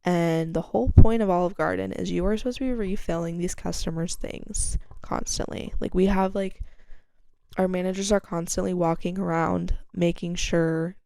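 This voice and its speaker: A young woman hosting a podcast, telling a story in a candid, chatty way that is full of fillers and swearing, and getting animated when she quotes people. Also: moderate pace, gravelly, no echo, clean studio sound. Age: young adult. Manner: chatty and candid, swears freely, heavy use of "like"; animated when quoting others, with sharp jumps in pitch and loudness. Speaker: podcast host. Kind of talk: casual storytelling chat.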